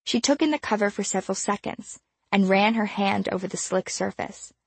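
Gravelly-voiced woman narrating a story. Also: mid-range voice, dry recording. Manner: measured, expressive storytelling. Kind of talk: audiobook narration.

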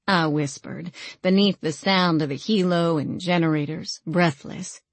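Low-voiced woman narrating fiction. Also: steady tone, measured pace, hardly any pauses, dry recording. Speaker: audiobook narrator. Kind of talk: first-person fiction narration.

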